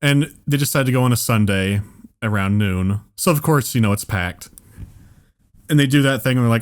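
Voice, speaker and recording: A man on a podcast spinning a long, funny anecdote in a mid-range voice. He stumbles and restarts as he talks, and he gets louder and more animated as the story builds. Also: mid-range voice, a little fast. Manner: rambling, restarts often, builds to excited animated retelling. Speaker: podcast co-host telling a story. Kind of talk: casual comedic storytelling. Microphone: podcast microphone.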